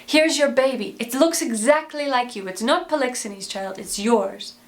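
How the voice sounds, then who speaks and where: A woman's voice: a little high, moderate pace, close to an everyday voice. A woman voicing a bold, outspoken noblewoman who scolds a king. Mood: determined. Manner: forceful, scolding.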